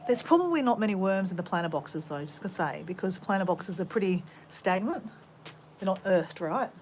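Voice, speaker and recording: Aussie woman yakking away to her viewers while gardening, phone cam, bit of faint noise. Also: medium pitch. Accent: Australian. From Australia. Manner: chatty, rambling storyteller, greets viewers mid-sentence. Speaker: vlogger. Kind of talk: casual chat to live viewers while gardening. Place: home garden.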